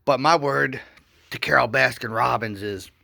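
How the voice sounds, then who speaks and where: A man telling a rambling satirical comedy story with goofy, deadpan asides. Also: mid-range voice, normal speed, creaky.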